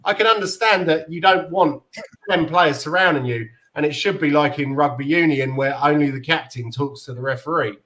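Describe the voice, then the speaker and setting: A man hosting a casual football chat, lively and jokey. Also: on the high side, moderate pace. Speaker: show host.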